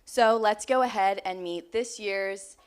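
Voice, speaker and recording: A woman's voice: medium pitch, a little slow, clear, resonant tone. A young woman, a college student, giving a formal, scripted presentation to an audience. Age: young adult.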